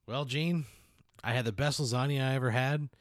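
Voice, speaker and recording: A man's voice: mid-range voice, fairly quick, no room sound, clean studio sound. A man in improvised comedy banter who argues back in an exasperated, protesting way and swears often.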